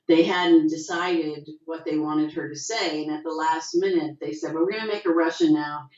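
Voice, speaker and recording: Middle-aged actress guest, low mellow voice, animated raconteur, dull roomy video-call sound. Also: female voice, normal speed. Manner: animated storyteller, acts out quotes with rising pitch. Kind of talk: casual interview over video call.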